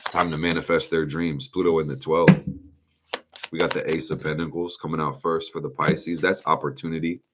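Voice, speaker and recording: Very deep-voiced hyped man reading tarot. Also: little pitch movement, normal speed, very noisy. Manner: hyped, profane, talks straight to chat with slang. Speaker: astrology and tarot reader. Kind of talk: casual live-stream tarot reading.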